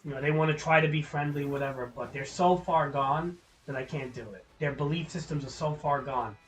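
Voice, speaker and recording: Male streamer, slightly high voice, swears freely, heated rambling rant, faint music underneath. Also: fairly even intonation, a little fast, low-quality recording. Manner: profane, heated, opinionated; rambling with restarts. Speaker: livestreamer. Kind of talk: live-stream ranting to chat.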